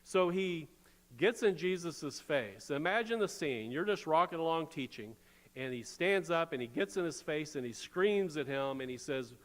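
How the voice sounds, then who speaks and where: Male pastor with a slightly high voice and a conversational, wry delivery, preaching in a church with long reverb. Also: expressive, moderate pace. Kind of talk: sermon. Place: church sanctuary.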